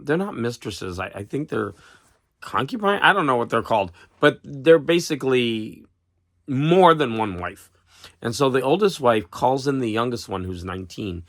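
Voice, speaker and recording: Man, casual book vlogger, rambles and restarts, coughs now and then, mid-pitched, dry close sound. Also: a bit bright, dry recording. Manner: rambling, halting, with many restarts and fillers.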